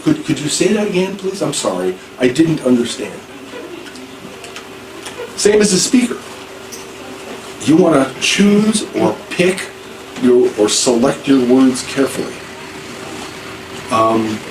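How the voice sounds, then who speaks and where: Distant teacher in an echoey classroom. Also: male voice, mid-range voice, a little mellow. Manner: informal, repeats and restarts, acts out examples. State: hard of hearing. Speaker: ESL teacher. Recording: echoey room, far from mic, faint noise.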